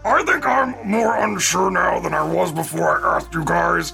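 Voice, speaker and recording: A man playing a tabletop game in an excitable, lively way. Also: high voice, moderate pace, creaky, few pauses. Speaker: tabletop player. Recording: faint music behind.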